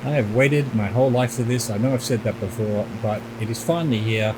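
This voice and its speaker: A man's voice: mid-range voice, fairly quick, noisy background. A middle-aged Australian man giving gameplay commentary as a streamer, musing and talking himself through what he is doing at home.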